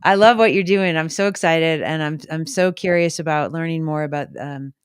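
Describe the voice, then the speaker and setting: A woman's voice: sits low, moderate pace, smooth, no echo, clean studio sound. A woman podcast host in a casual remote interview, gushing with enthusiastic praise.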